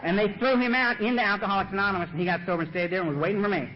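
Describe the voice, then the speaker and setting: Rapid-fire and high-pitched, a man recounts his own story at a recovery meeting, speaking from the front of the room. Humor runs throughout; he stays loose and animated, says "you know" and "man" a lot, and laughs at himself. It's captured on a podium mic in dull lo-fi with slight background noise.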